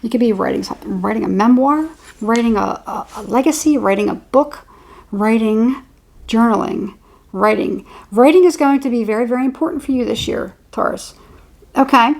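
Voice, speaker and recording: A woman's voice: on the high side, moderate pace, gravelly. A woman giving an intuitive horoscope reading, rambling and repeating words as she channels impressions. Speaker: tarot reader.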